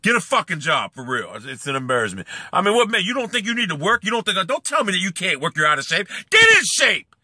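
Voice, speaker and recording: A man ranting angrily in a video blog, swearing and repeating himself as he moves from brooding talk to shouting. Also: high voice, sing-song, fast, few pauses, slightly rough, no echo, clean studio sound. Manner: profane, repetitive, swings between brooding and shouting. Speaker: YouTuber. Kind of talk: angry rant vlog.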